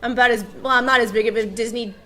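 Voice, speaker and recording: A woman's voice: a little high, fairly even intonation, rapid-fire, bright, forceful tone. A woman voice actress chatting casually on a convention panel, self-deprecating and prone to restarts.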